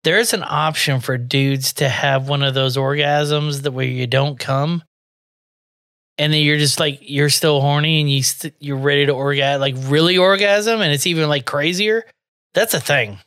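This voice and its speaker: Bright, brash man on a dry mic. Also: on the high side, steady tone, normal speed, clear, resonant tone, no echo. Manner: brash, teasing, laughs often. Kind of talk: casual crude chat.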